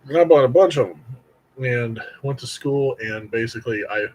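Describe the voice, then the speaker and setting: A man in his late thirties from Indiana, who hosts candy reviews, tells a long, rambling childhood story to camera in a mid-range voice at a moderate pace. He's animated and acts out quoted voices, though the audio sounds dull.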